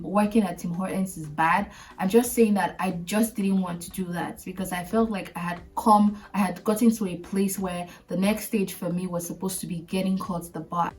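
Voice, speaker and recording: A young woman hosting a podcast, animatedly telling a personal story and acting out the people in it. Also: medium pitch. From Canada. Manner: animated, acts out quoted voices, laughs often. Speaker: podcast host. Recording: voice a bit far from the mic, faint music behind.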